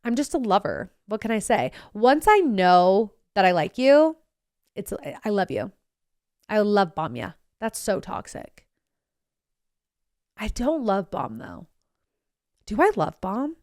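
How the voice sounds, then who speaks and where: A woman's voice: medium pitch, slow, long pauses, no room sound, studio quality. Sarcastic, chatty young woman. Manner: sarcastic, bubbly, quotes herself in animated voices. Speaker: podcast host. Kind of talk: casual storytelling monologue.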